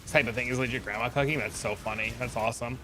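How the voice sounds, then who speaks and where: A man's voice: mid-range voice, fairly even intonation, racing, over music. A man from New Jersey streaming a game, chatting casually and telling long, profane anecdotes. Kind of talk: casual livestream chat and storytelling.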